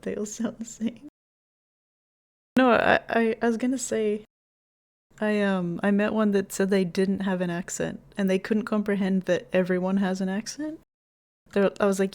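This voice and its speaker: Giggly gravelly-voiced woman streamer. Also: medium pitch, steady tone, moderate pace, darkish tone. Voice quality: chatty, giggly, easily startled. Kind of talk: casual gameplay chat. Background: faint game music.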